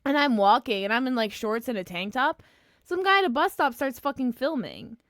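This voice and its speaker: Blunt woman podcaster with halting delivery. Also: high voice, lively intonation, fairly bright tone, dry recording, clean studio sound. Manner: halting, filler-heavy storytelling, blunt swearing. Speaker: podcast co-host. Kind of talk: casual chat.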